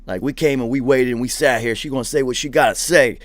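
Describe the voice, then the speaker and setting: A man mimicking a hotheaded young boyfriend who yells and gets confrontational. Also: medium pitch, fast, no room sound, voice pushed up, lightly acted. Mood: defensive. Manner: yelling, confrontational.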